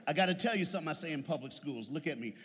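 Animated husky-voiced preacher in a church. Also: male voice, fairly high pitch, very fast, long reverb tail. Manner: call-and-response, animated, humorous. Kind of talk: lively storytelling sermon.

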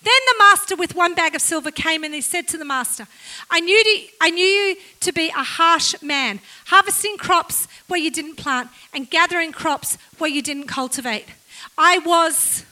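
A woman preaching a sermon to her church in a lively, self-mocking way, laughing often. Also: very high voice, low-quality recording.

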